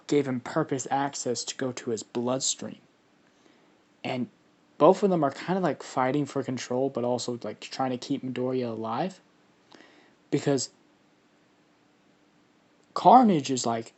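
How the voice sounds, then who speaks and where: A man's voice: medium pitch, unhurried, a little mellow. A man improvises a fan story in a loose, rambling way. He swears freely and leans on fillers as he goes.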